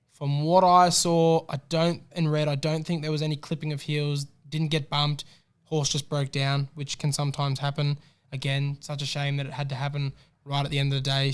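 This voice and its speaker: A chatty man with a slightly higher voice that comes across smooth and clear. He talks racing tips excitedly, like a podcast co-host among mates. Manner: chatty, excitable, gives shout-outs. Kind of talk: casual racing tips chat.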